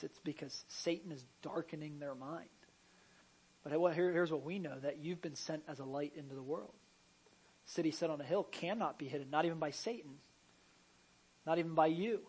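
A man, a pastor, preaching a sermon in a conversational way, with restarts, sudden loud emphasis and jokey asides. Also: a little high, breathy edge, low-quality recording.

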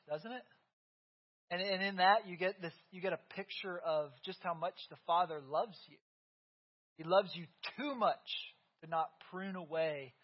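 Pastor, man, 30s, high voice, casual back-and-forth sermon delivery, dull lo-fi church recording. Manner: conversational, keeps asking "right?". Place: church sanctuary.

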